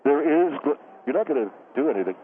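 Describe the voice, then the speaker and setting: A man's voice: a little high, sing-song, fast. A man voicing an indignant, self-important male scientist calling in to a radio show. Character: touchy, pompous male scientist, middle-aged. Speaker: scientist guest on phone. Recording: phone line with faint hiss.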